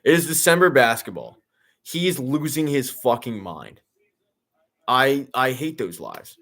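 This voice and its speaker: A young man giving casual, sarcastic, deadpan commentary during a live sports watch-along, rambling with lots of "like". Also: mid-range voice, a little slow.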